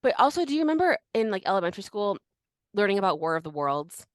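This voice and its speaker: A young woman co-hosting a casual history podcast, telling the story with lots of fillers and restarts. Her pitch sits in the middle of the range, and the sound is dry and close. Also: fast, dry recording. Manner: animated, many fillers and restarts. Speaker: podcast co-host.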